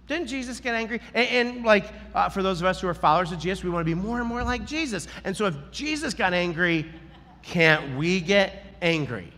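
A man preaching a sermon, telling a story in an animated way and acting out the lines he quotes. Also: sits high, long reverb tail. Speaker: pastor.

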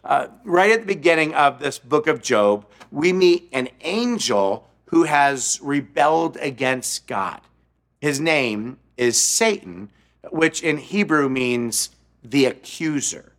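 A man's voice: a little high, animated, slow pace, a bit bright. A man preaching a sermon, telling stories and acting out the quotes and jokes in them. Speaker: pastor.

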